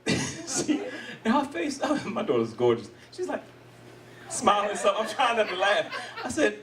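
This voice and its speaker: A high voice at a moderate pace, captured from afar, belongs to a middle-aged American comedian. At a live comedy venue he does crowd work, animated and laughing often as he acts out other people's voices.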